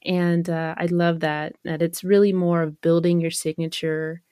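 A woman's voice: on the low side, level tone, a little slow, dark tone, clear, resonant tone, no room sound, studio quality. A woman hosting a podcast interview, reflecting on and affirming her guest's points. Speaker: podcast host.

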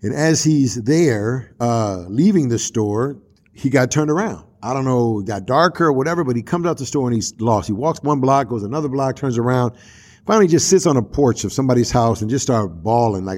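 A man hosting a church radio talk show, telling a story with animated, preacherly energy and street slang. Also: mid-range voice, brisk.

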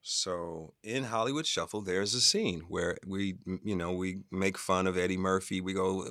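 A man with a low, gravelly voice recounts stories as a guest on an interview. He is animated and often acts out other people's voices in his telling. The sound is dry and close. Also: normal speed, few pauses, no room sound. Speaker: film director, guest. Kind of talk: casual interview storytelling.

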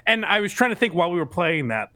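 Bright, playful male podcast co-host. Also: sits high, sing-song, quick pace. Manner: playful, self-mocking, chuckling. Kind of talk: casual chat.

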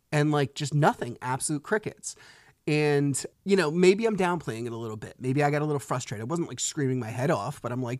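A man's voice: a little high, lively intonation, moderate pace, no echo, studio quality. A man in his thirties hosting a solo podcast, telling a story in a conversational, frustrated way. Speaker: podcast host.

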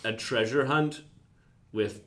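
A man co-hosting a casual movie chat, making his points in a measured, thoughtful way. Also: mid-range voice, fairly bright tone. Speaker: podcast co-host.

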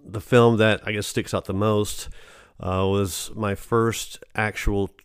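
A man chats about his acting work in a relaxed interview. His voice sits on the low side and sounds close and dry. He rambles, stumbling through restarts and fillers. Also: slow, smooth, dry recording. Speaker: actor, interview guest. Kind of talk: casual conversational interview.

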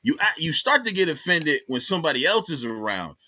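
A man co-hosting a casual chat, telling stories with animated acted-out quotes. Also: on the high side, brisk.

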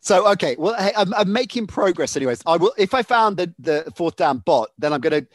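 A man's voice: high voice, lively intonation, a little fast, dry recording. A man hosting a casual podcast, chatty and often laughing. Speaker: podcast host.

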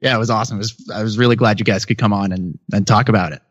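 A man's voice: fairly low pitch, steady tone, very fast, fairly bright tone, dull audio. A man as a guest on a casual podcast, talking modestly and rambling with many fillers.

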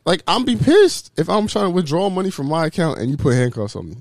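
A man talking in casual chat, animated and swearing freely, acting out quotes with sudden jumps in pitch. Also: fast talker, few pauses, dry recording, clean studio sound.

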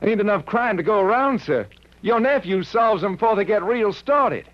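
An actor playing a joking, easygoing police lieutenant with a teasing drawl, in 1940s radio acting. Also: male voice, sits high, expressive, moderate pace. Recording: dull vintage radio recording.

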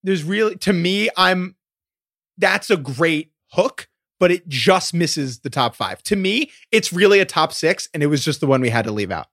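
A man's voice: a little high, lively intonation, normal speed, a bit bright, no echo, studio quality. A man co-hosting a sports podcast in a wry, conversational way. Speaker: podcast co-host. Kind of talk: casual sports podcast chat.

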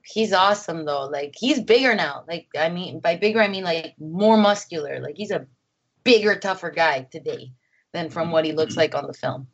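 Woman filmmaker chatting on a call, excited storyteller, kinda dull lo-fi audio. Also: fairly low pitch, moderate pace. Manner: animated, acts out quotes, laughs often. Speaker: filmmaker guest. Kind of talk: casual interview chat. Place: home.

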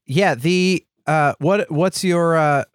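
A man's voice: a little high, slow pace, clean tone, no echo. A man co-hosting a casual podcast, easygoing and hesitant, with many fillers. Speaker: podcast co-host.

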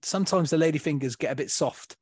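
Guy hosting a zoom chat, jokey and rambly, kinda high voice, dead dry audio. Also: fast, darkish tone, slightly rough, no room sound. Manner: jokey, rambling, laughs often, trails off. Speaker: podcast host. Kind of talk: casual banter over a video call. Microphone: video call.

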